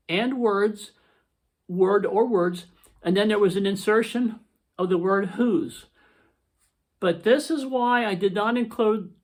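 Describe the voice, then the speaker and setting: A man teaching grammar over slides, stressing points and checking in with "okay?", reading sample sentences slowly. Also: high voice. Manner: emphatic, repeats "okay?" to check understanding.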